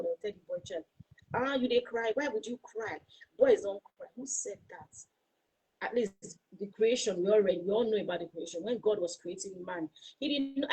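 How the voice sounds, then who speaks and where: Woman host, passionate preachy talk, mellow and husky voice, asks listeners questions. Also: medium pitch, low-quality recording. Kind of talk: motivational talk.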